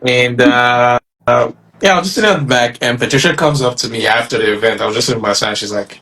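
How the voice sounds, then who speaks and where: A man, a guest actor, telling a story in a relaxed way with many fillers. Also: mid-range voice, fast talker, few pauses. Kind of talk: casual storytelling.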